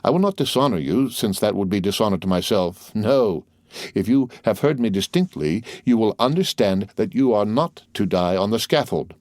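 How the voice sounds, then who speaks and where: A man voicing a stern male magistrate who calmly and contemptuously accuses his wife in an audiobook. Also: fairly low pitch, moderate pace, no echo, clean studio sound, natural voice. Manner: calm, contemptuous interrogation. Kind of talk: audiobook character voice.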